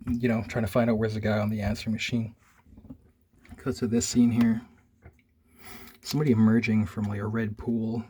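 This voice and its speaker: Husky laid-back man rambling about comics. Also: fairly low pitch, fairly even intonation, moderate pace, long pauses, dark tone. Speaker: comic book reviewer. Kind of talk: casual comic reading and review.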